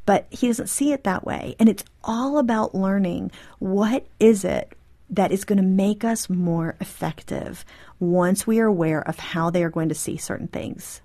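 Animated woman guest in an interview. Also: mid-range voice, a little slow. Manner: animated, acts out quoted dialogue. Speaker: guest author. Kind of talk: interview conversation.

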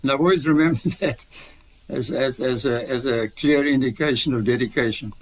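A man's voice: mid-range voice, moderate pace, rough recording. A retired man telling stories as a radio guest, rambling with many restarts. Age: older. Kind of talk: radio interview.

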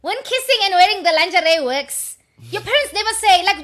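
A young South African woman co-hosting a podcast, chatting in an animated, teasing way and switching between English and Sesotho. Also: very high-pitched, a little fast. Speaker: podcast co-host. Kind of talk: casual chat.

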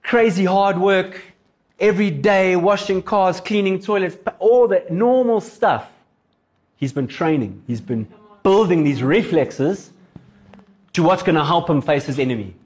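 Animated man preaching a sermon. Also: sits high, a little slow, slightly rough. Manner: casual animated storytelling. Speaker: pastor.

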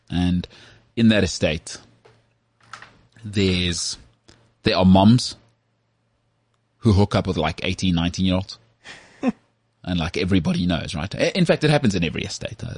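A man from South Africa co-hosting a podcast in casual chat, animated and full of restarts. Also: low voice, brisk, long pauses, breathy edge, no room sound. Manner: animated, full of restarts and "you know what I mean". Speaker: podcast co-host.

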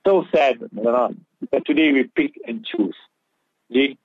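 A man's voice: medium pitch, unhurried, slightly rough, no echo. Impassioned male radio preacher, dull sound. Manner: impassioned, mixes English with Urdu and Arabic phrases. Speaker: radio presenter giving Islamic advice. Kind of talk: earnest religious talk on radio.

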